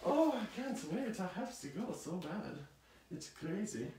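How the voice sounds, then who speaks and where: A woman's voice: medium pitch, very animated, measured pace, background noise, voice pushed down. A woman putting on a theatrical foreign hostess who drawls and calls everyone darling, in an echoey home room. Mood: gushing. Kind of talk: home comedy show hosting.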